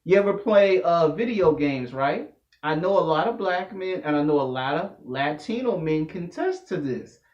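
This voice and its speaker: A man delivering a loud, profane comedic rant to camera, telling slangy stories as a vlogger. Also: on the high side, moderate pace. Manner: loud, animated, slangy storytelling. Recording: echoey room, dull lo-fi audio.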